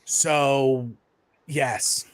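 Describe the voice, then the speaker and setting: A man in a casual podcast chat, opinionated and quick with short replies. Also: medium pitch, fairly even intonation, smooth, dry recording.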